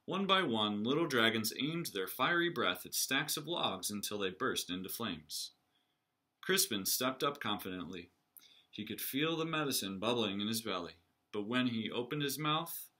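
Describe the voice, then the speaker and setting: A man, a teacher, reading a picture book aloud in an animated storytelling voice, close to the camera. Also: on the low side, a little slow. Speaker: reader, teacher.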